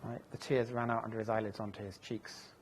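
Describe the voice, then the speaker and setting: A man's voice: lowish voice, little pitch movement, fairly quick, a little hiss or hum. A man giving a recorded lecture, thinking aloud as he goes, with frequent fillers and self-corrections. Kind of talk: recorded lecture walking through translations.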